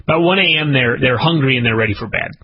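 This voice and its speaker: A man co-hosting a podcast, telling a casual, profane story and jumping into high-pitched outbursts. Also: quick pace, husky. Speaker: podcast co-host. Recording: dull lo-fi podcast audio.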